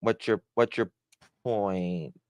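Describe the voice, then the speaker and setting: A man hosting a casual live stream, rambling and hesitant, warmly thanking chat. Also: lowish voice, steady tone, takes it slowly, clean tone, no room sound. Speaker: livestream host.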